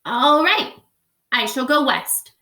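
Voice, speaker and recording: A woman voicing a bossy, know-it-all female capybara who talks loudly. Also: high-pitched, lively intonation, slow, echoey room, heavily acted. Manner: loud, bossy.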